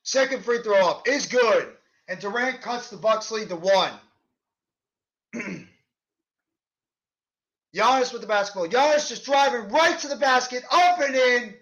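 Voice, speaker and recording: A man doing fan play-by-play of a basketball game, shouting on big plays and fuming at the referees. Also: very high voice, animated, unhurried, long pauses, muffled recording. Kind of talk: live play-by-play commentary.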